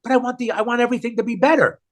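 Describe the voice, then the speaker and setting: A man, an actor, talking about his work in a conversational interview, animated and self-deprecating. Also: very high voice, very fast, a little hiss or hum. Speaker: actor guest.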